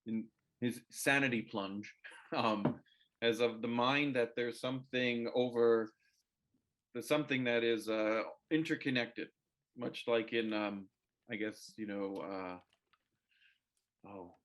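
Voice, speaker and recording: A man's voice: mid-range voice, slow pace, long pauses, a bit bright. A man playing a tabletop role-playing game, explaining his character's thinking in a rambling, hesitant way with many fillers. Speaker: player.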